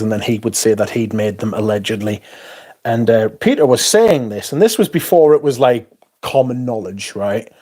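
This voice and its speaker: A man's voice: mid-range voice, dark tone. A man hosting a livestream, ranting casually with heavy swearing and rambling asides. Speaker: livestream host.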